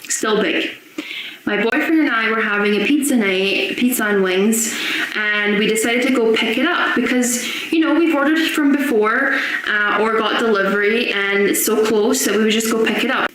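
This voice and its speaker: Fairly high-pitched and fairly bright, a young woman's voice moves at a moderate pace as she, a guest, tells a personal story earnestly and with deep feeling. Faint noise and heavy echo fill the room.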